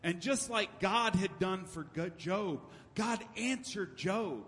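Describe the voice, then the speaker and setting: A man's voice: high-pitched, animated, slow pace, fairly bright tone. A man preaching a sermon as pastor, in a conversational style with emphatic repetition. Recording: long hall reverb.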